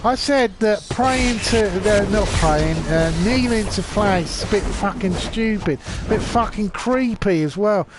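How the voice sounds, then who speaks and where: A high-pitched man with an English accent talks drunk, rambling from one point to the next and swearing hard as he rants. He is chatting casually on a live stream while gaming. Loud noise and passing vehicles sit under his voice. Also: measured pace, few pauses. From England. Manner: rambling, profane ranting.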